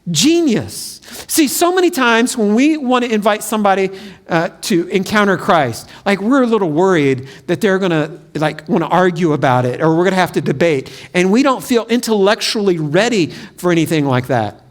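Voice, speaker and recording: A high-pitched man preaching to his congregation. He tells stories with lots of life, and he puts on small voices for the quotes. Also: a little fast. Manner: animated storytelling with acted-out quotes. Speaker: pastor. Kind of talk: sermon. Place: church sanctuary.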